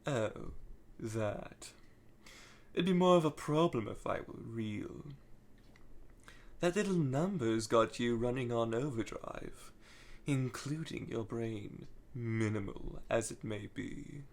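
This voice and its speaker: A man voicing a sinister, mocking male phantom from a comic, speaking low and hushed with a sneer. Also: slow, creaky.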